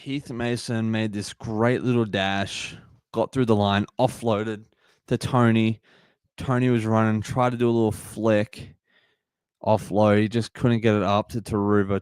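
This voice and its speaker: Low-voiced man reacting to a game. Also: little pitch movement, measured pace, darkish tone, clean tone, no echo, clean studio sound. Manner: frustrated, reacts to plays and reads chat aloud. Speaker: livestream host. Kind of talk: live sports watch-along commentary.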